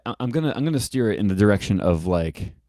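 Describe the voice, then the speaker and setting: Very deep-voiced man rambling as a guest. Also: very animated, fast talker, warm tone, no echo, clean studio sound. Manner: meandering, thinks aloud with many restarts. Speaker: podcast guest, author and musician. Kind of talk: casual chat.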